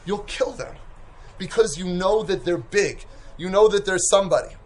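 A man with a high voice gives a Torah lecture as a yeshiva mashgiach. He is animated, pushing hard on key points and then dropping into quiet asides. Hebrew and Yiddish terms run all through his talk. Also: moderate pace. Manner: animated, swings from loud emphasis to soft asides.

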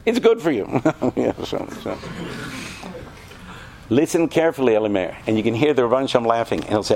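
A man teaching a class of students, animated and talkative, often asking them questions. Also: medium pitch, moderate pace, pauses often, a little hiss or hum. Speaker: yeshiva teacher. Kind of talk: lecture to students.

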